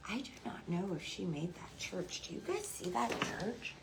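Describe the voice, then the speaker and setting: Hushed, gushing woman live-streamer. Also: medium pitch, very animated, normal speed, vocal fry, heavy background noise. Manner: chatty and gushing, talks to viewers by name; hushed, half-whispering. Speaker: host of a live craft shopping stream. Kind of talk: casual live-stream chat.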